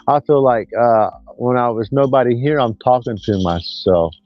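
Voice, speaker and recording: A man, rambling through a casual livestream chat as host in a folksy, drawn-out way. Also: medium pitch, animated, no echo, faint music behind. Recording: dull lo-fi dry sound.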